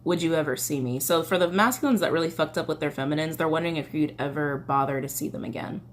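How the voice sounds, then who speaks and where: A woman's voice: deep voice, fast talker, slight background noise. A woman chatting casually through a tarot reading, with a slight cough and a loose, swearing manner. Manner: chatty, swearing, reads song lyrics aloud. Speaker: tarot reader.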